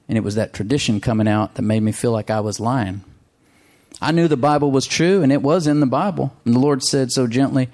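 A man's voice: medium pitch, a little fast, a little mellow. A man preaching a sermon with emphatic repetition, often asking the congregation for an amen. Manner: emphatic, calls for amens, repeats phrases.

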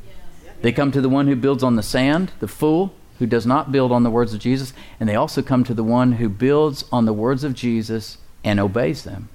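A man's voice: medium pitch, moderate pace, a little mellow. A man preaching a sermon as pastor, conversational and joking, building up emphasis in places.

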